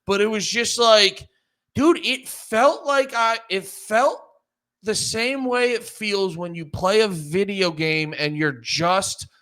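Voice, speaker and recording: A man co-hosting a podcast in casual chat, ranting in an animated and profane way. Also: high voice, slow. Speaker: podcast co-host.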